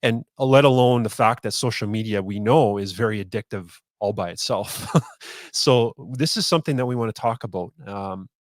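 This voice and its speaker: A man co-hosting a faith podcast, introducing the topic in a relaxed, casual way. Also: fairly low pitch, moderate pace, no echo, clean studio sound. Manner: relaxed, affirming, brief interjections. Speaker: podcast co-host.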